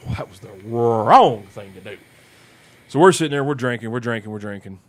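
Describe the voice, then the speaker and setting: A man tells a rambling story in loose, casual chat. He acts out the other people's lines as he goes, and his voice sits at an everyday middle pitch. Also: fairly quick. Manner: rambling, animated anecdote-telling with acted-out quotes. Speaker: podcast guest storyteller.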